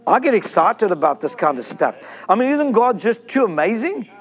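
A man preaching an excited sermon, breaking into whoops. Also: high voice, normal speed, breathy edge. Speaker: pastor.

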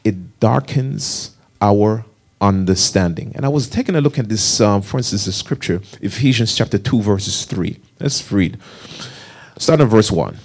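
Male preacher, lowish voice, emphatic and repetitive, quizzes the congregation mid-sermon. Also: animated, normal speed, breathy edge. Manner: emphatic, repeats key phrases and asks the congregation questions.

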